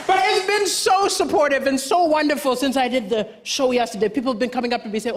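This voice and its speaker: A man from Malawi doing stand-up comedy on a talent show stage, telling punchy stories with acted dialogue and pauses for laughs. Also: very high voice. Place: large theatre stage with audience. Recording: broadcast stage mic with crowd noise. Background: loud audience laughter and cheers.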